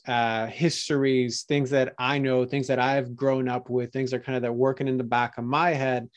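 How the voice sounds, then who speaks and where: A man hosting a podcast as a coach, reflecting back what he hears and checking in with "right?". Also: mid-range voice. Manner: reflective, sums up with "right?" tags. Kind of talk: coaching conversation.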